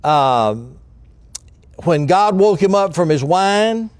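A man's voice: sits high, lively intonation, slow, no room sound. A man preaching a sermon as pastor, folksy and direct with the congregation.

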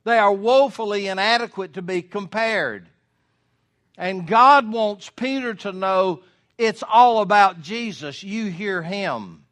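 An earnest preacher man with a somewhat high voice delivers a folksy sermon. He builds to loud, drawn-out emphasis on his key points. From United States. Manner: earnest, folksy, rising to loud emphasis when voicing God.

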